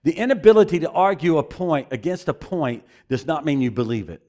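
A man's voice: on the high side, expressive, brisk, mellow. Emphatic man preaching a sermon. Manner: emphatic, repeats phrases for emphasis. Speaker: pastor.

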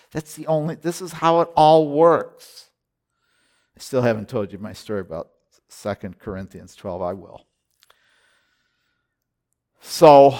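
A man preaching a sermon as pastor, telling a personal story and exhorting his congregation, moving between hushed, slow passages and loud emphatic declarations. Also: medium pitch.

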